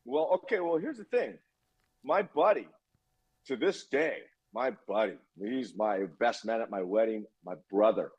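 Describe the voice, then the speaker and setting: A man in his fifties, a guest telling his own story in a casual interview, animated and swearing freely as he acts out what people said. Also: on the low side, unhurried, breathy edge, highs cut off.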